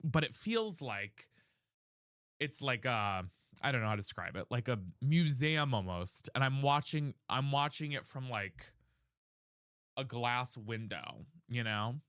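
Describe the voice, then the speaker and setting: A man livestreaming a candid casual chat, talking in an earnest, searching way with halting restarts. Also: mid-range voice, lively intonation, fairly bright tone, clean tone, no room sound, clean studio sound.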